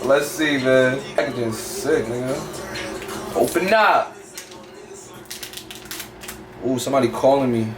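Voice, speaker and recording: A young man cooking in his home kitchen and talking to viewers, quick and slangy, often asking "you feel me". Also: mid-range voice, steady tone, music in the background. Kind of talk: casual cooking vlog.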